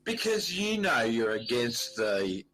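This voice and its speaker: A man's voice: mid-range voice, big pitch swings, slow, fairly bright tone, a little hiss or hum, poor audio. A man rambling and boasting in a casual group chat, swearing freely.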